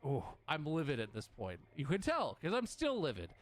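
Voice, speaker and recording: Animated man ranting, swearing a lot. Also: fairly high pitch, normal speed. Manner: animated, swears a lot, acts out both sides of the story. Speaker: streamer. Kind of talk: casual storytelling rant.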